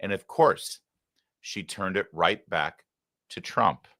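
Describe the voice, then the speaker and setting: A man's voice: low voice, takes it slowly, sharp tone, no room sound. A man hosting a live political commentary show, talking in a sarcastic, heated and combative way into a close studio mic. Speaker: political talk show host.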